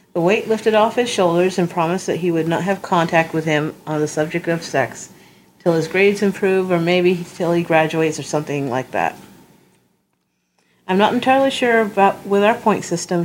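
A woman's voice: fairly low pitch, slight background noise, low-quality recording. A woman co-host of a casual podcast, reading a listener's email aloud with a few hesitant fillers.

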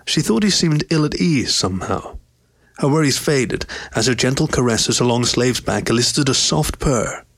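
A man reading a story aloud in an even, steady narration. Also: medium pitch, normal speed. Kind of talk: scripted narration.

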